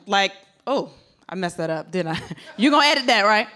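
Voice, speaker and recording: A woman's voice: medium pitch, fast, fairly bright tone. A woman from Virginia Beach doing a stand-up comedy set, sassy and brash, punching her jokes with asides. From Virginia Beach, USA.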